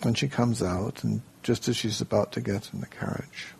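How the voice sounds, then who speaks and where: A man leading a workshop, telling a story in an unhurried way, then giving a group plain instructions in a room. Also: fairly low pitch, steady tone, gravelly, darkish tone, a little hiss or hum. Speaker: workshop leader.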